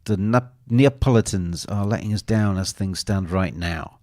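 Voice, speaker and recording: A man's voice: on the low side, moderate pace, darkish tone, no echo, clean studio sound. A man hosting a live football betting show, commenting on a match and teasing his co-host while reading viewer comments aloud.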